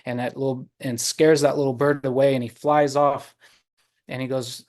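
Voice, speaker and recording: Man, storyteller, unhurried, pauses and fillers, video call. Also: medium pitch, level tone, a little mellow. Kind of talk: oral storytelling.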